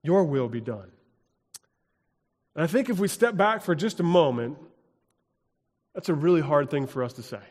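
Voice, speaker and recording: An American man preaching a sermon as pastor, speaking emphatically and building to loud exclamations. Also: fairly high pitch, animated, fairly quick, pauses often. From United States. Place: church sanctuary. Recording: long reverb of a church hall.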